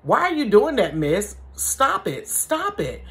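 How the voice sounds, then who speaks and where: A woman playing an alarmed grown man who calls out loud and urgent, raised in pitch and insistent. He repeats himself as though he is pleading. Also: wildly swooping pitch, slow pace, full character voice. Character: alarmed adult man shouting from outside.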